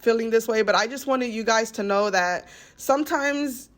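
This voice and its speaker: A woman's voice: a little high, moderate pace. A woman, speaking in a heartfelt, rambling way and often repeating words for emphasis. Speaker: lifestyle vlogger. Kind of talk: heartfelt voice-over chat.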